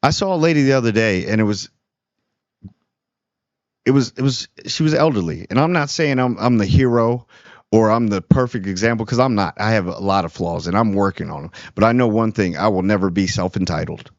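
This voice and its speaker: A man's voice: fairly low pitch, brisk, dry recording. A man talking earnestly in a casual monologue about kindness, rambling and restarting his sentences often. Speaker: small YouTube channel host. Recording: dull, dry lo-fi recording.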